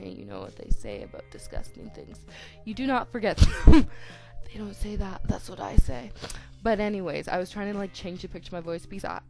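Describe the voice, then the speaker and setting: A teen girl YouTuber rambles into her home desk mic as a voice-over during a speed build, while soft music plays in the background. Her voice is kind of low, with some vocal fry and cracks. She's chatty and self-deprecating, saying "like" a lot and restarting when she gets tongue-tied.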